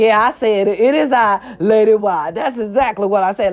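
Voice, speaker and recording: A woman's voice: fairly high pitch, normal speed, few pauses. Sassy black lady gossiping, sore throat, kinda dull lo-fi audio. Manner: sassy, animated, repeats catchphrases. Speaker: gossip vlog host. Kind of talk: casual celebrity gossip chat.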